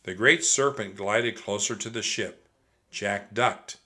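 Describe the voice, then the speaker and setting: A man reading a children's book aloud, expressive and speaking straight to young listeners. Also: lowish voice, takes it slowly. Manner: expressive, addresses kids directly. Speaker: storyteller.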